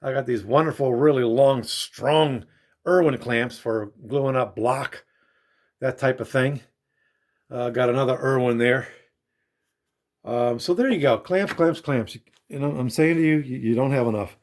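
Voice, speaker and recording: A man's voice: mid-range voice, unhurried. Rambling man in a roomy workshop. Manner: rambling and meandering. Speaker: woodworking shop owner. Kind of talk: casual chat to viewers while working. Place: woodworking shop. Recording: roomy shop echo.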